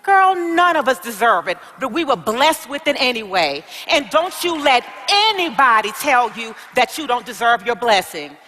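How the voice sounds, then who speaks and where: A woman plays a check-in agent at an airline counter, her voice high and full of exclamations. She coaxes and preaches encouragement in a motivational comedy skit, and a long reverb hangs behind her. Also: big pitch swings, moderate pace, hardly any pauses, bright, forceful tone, exaggerated voice. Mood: preachy.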